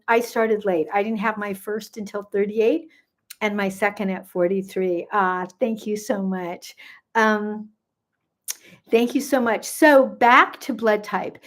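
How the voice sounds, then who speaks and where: A woman's voice: mid-range voice, steady tone, a little slow. A woman in her sixties, nearly seventy, working as a gut health coach. She chats casually with livestream viewers on her phone, greeting them by name and drifting into rambling asides. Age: 60s, nearly seventy.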